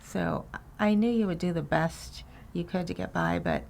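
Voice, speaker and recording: A middle-aged mother speaking in a hesitant, halting way in a family conversation. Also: on the low side, vocal fry. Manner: soft-spoken, hesitant, halting. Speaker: mother of the storyteller.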